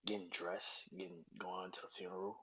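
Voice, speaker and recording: A man with a very low, husky voice talks about loss in halting, restarting phrases that keep sinking toward a breathy near-whisper. His tone stays bright and forward despite the tears. The sound is dull and lo-fi. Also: flat delivery, no echo. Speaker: podcast host. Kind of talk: personal monologue on grief.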